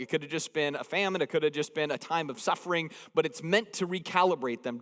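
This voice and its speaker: A man preaching a sermon in a large hall, with a high voice and a long reverb tail behind it. He speaks conversationally and mixes jokes into his teaching. He drives key points home by repeating phrases with emphasis. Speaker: pastor.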